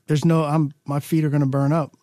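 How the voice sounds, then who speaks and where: A man co-hosting a radio show in casual banter. He talks in an easygoing way and thinks out loud as he goes. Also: fairly high pitch, flat delivery, brisk, no echo, studio quality.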